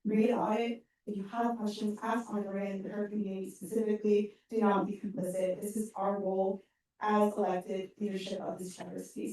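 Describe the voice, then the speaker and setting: A woman's voice: mid-range voice, flat delivery, a little fast, dark tone. Firm young woman in an echoey hall. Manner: firm and emphatic, urging listeners. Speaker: student government president. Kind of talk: formal meeting remarks. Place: large meeting hall. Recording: echoey room from far off.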